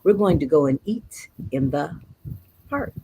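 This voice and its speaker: A woman's voice: low-pitched, expressive, unhurried, mellow, slight background noise, voice pushed down, low-quality recording. A woman voicing a cheerful mother mouse who says each phrase in Spanish and then in English.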